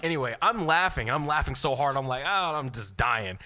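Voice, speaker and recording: A man's voice: mid-range voice, a little fast. A man co-hosting a podcast, telling a funny story in casual chat, laughing often and acting out what people said. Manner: animated, laughs often, acts out quotes. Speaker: podcast co-host.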